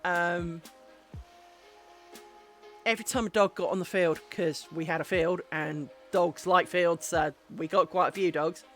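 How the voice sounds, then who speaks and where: A woman's voice: lowish voice, fairly even intonation, a little slow, faint music behind. A woman livestreaming her crafting, chatting and telling rambling anecdotes full of ums. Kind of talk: casual chat while crafting. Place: home craft stream setup.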